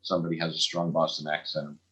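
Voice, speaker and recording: A man's voice: a bass voice, little pitch movement, fast talker, sharp tone, slight background noise, low-quality recording. An American man from New York, a comedian guest, chatting casually and telling dry, self-deprecating stories. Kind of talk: casual chat, anecdotes.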